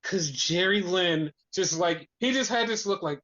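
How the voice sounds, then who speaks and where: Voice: medium pitch, moderate pace, hardly any pauses, muffled recording. A podcast co-host in casual chat recapping wrestling, swearing freely and acting out what people said. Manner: animated, swears freely, acts out quotes.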